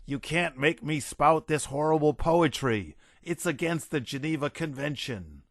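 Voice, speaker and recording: A man's voice: a little high, lively intonation, a little slow, no room sound, clean studio sound, voice pushed up. A man voicing a blustering, raving army general who bellows and rants. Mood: frantic. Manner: bellowing, ranting, unhinged.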